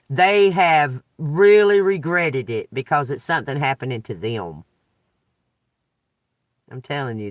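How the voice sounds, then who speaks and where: Sitting in a dry car slightly away from the mic, a woman with a deep voice rants in a profane, agitated manner, with no room sound. She's a tarot reader, venting in an unscripted vlog.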